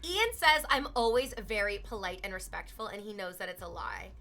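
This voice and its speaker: A woman's voice: medium pitch, very animated, moderate pace, pushed and bright. A woman streaming from home, chatting casually with viewers in a playful, teasing way, swearing freely.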